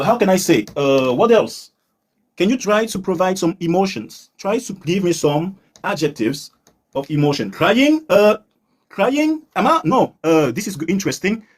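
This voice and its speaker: A man teaching English on a live stream, patient, repeating words slowly and mixing in Turkish for his learners. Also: high-pitched. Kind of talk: live-stream language lesson.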